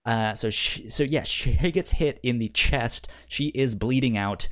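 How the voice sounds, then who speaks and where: A male co-host on a podcast chats casually about a TV series he's recapping, with a medium-pitched, fairly bright voice. He stammers, repeats syllables, and swears freely. Characters' lines get acted out in quick quoted bursts.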